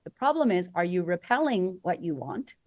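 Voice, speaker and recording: A woman coaching as a podcast guest, energetic and conversational, acting out quoted voices for emphasis. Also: fairly low pitch, normal speed. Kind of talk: conversational interview.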